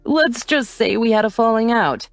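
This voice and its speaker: A woman's voice: fairly high pitch, expressive, moderate pace, no echo, faint music behind, voice pushed up. A woman voicing a playful, teasing young man in an audiobook, speaking in a light manner.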